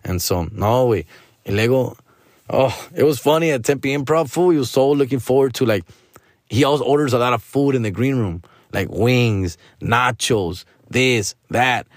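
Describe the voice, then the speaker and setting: Speaking at a moderate pace in a medium pitch, this male podcaster delivers a casual rant-style story about a friend, sprinkled with Spanish slang. The audio is clean studio sound without room tone, and he animatedly mimics the friend nagging him.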